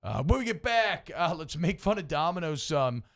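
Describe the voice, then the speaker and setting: This co-host of a sports radio show has a fairly high voice with vocal fry and a moderate pace. He chats loosely, wanders, and his rants grow more and more energetic.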